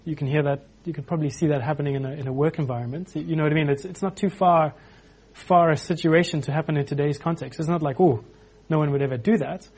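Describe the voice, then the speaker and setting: A man preaching an informal sermon, animated, acting out quotes with frequent restarts. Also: a little high, fast talker, few pauses, husky.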